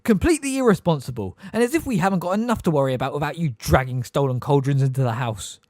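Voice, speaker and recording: Furious mum screaming from downstairs, high pitched, guy doing her voice. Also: lively intonation, slow pace, no room sound, studio quality. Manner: shouting at the top of her voice. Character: angry middle-aged mother shouting.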